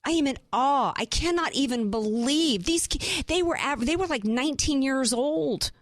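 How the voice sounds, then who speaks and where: A fairly high-voiced woman hosts a talk radio show. She delivers an impassioned, emphatic monologue packed with rhetorical questions. Her voice is recorded dry and close in a studio. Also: expressive, moderate pace, no room sound.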